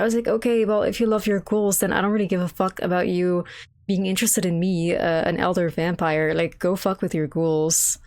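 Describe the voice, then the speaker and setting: A woman's voice: medium pitch, level tone, a little fast, darkish tone. A young woman giving casual, profane commentary while playing a video game, rambling and incredulous. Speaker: game streamer.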